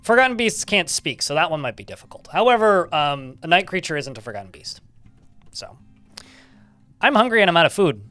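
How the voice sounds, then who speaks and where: Animated chatty man streaming a game. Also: a little high, a little fast, dry recording, faint music behind. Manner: chatty, reads game text aloud, swears casually. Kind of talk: live gameplay commentary.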